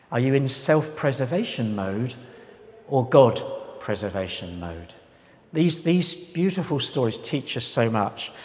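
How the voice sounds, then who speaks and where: A man preaching a sermon as pastor, in a conversational, humorous way that acts out voices. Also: mid-range voice. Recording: echoey hall with long reverb.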